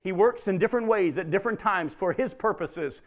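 A man delivers a sermon to his congregation in a voice that sits a little high for a man. He builds to loud, emphatic peaks and then drops to quiet, intimate near-whispers. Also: fairly quick, few pauses. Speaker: pastor.

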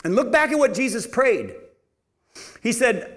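A man teaching a Bible study in an animated, emphatic way. He asks the audience questions and answers them himself. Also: extremely high pitch, a little slow, long pauses. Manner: animated, emphatic preaching with sudden loud rises and quiet drops.

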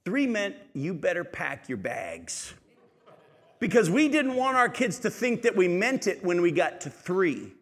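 A middle-aged man preaching a sermon as pastor, emphatic and building to loud peaks. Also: sits high, very animated, measured pace. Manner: emphatic, rising to shouts in stories. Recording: long hall reverb.

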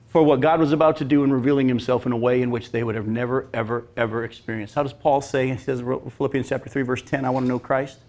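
A man's voice: medium pitch, quick pace, hardly any pauses. A man preaching a sermon as pastor, acting out scripture lines and asking the congregation questions. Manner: animated, acts out scripture lines, talks with congregation.

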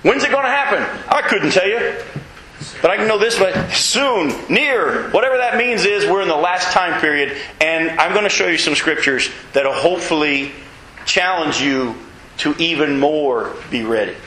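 A man preaching a sermon as pastor, animated and asking the congregation questions as he goes. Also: a little high, moderate pace, roomy sound, slight background noise, low-quality recording. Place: church.

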